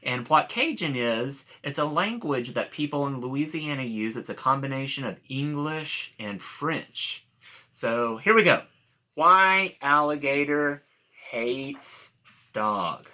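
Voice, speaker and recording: A man reads a picture book aloud to children with a bright, lively voice that rises and falls. He takes his time and stops to explain new words for young listeners. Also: mid-range voice, slow. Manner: warm, explains words for kids. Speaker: storyteller reading to children.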